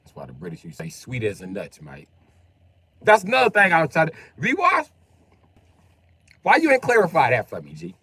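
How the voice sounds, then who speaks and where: A man's voice: high-pitched, wildly swooping pitch, brisk, pushed and bright, husky. A young man streaming a game, rambling and joking with plenty of profanity. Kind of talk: casual gaming livestream chat.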